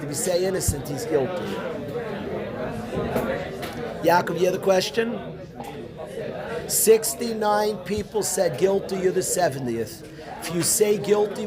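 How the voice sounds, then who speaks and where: A man, a rabbi teaching a Talmud class, animated, calling on students by name and repeating his questions. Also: high-pitched. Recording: room noisy with student chatter.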